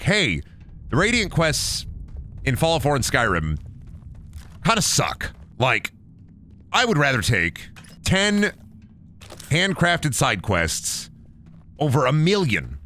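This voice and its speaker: A man streaming a game, ranting and rambling with plenty of swearing as he plays. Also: mid-range voice. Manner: profane, rambling, animated ranting. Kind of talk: casual gameplay commentary.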